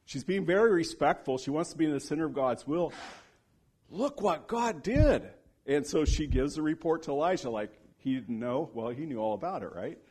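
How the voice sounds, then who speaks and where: Man preaching an animated sermon. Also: brisk, few pauses, husky. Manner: animated storyteller who acts out quoted speech; drops to a hushed, low voice for solemn points.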